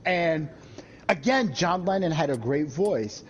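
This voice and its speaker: A man's voice: on the high side, slow pace. A man chatting casually on a gaming stream, swearing a lot and acting out the people he talks about. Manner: profane, animated, does voices of people he tells about. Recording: dull lo-fi stream audio with faint game music.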